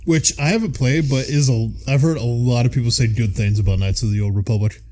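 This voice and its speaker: A man hosting a podcast talks in an easy, casual way. His voice sits in a middle pitch, and he wanders through his points with many filler words. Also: quick pace. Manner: relaxed, rambling, many fillers. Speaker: podcast host.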